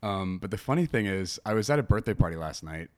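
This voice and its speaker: A man's voice: low voice, lively intonation, fast talker, darkish tone. A man hosting his own podcast, chatting casually and meandering as he talks to his listeners before an interview. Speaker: podcast host.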